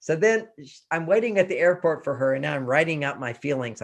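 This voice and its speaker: An older man telling personal stories and giving relationship advice in a live interview, animated and often laughing. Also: a little high, a little fast, creaky. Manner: animated storyteller, acts out quotes, laughs often. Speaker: relationship author and guest.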